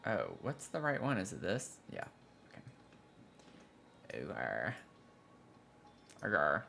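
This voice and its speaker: A man's voice: low voice, wildly swooping pitch, takes it slowly, gravelly, pushed and bright, a little hiss or hum. A man casually chatting through a building game on a livestream, complaining about bugs and groaning when things go wrong. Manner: chatty, frustrated, prone to dramatic groans. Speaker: game streamer.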